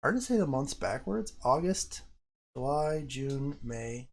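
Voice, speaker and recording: Profane, excitable man hosting a livestream. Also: medium pitch, a little slow. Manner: profane, excitable, talks to chat. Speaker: livestream host. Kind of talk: casual live-stream commentary on crypto charts.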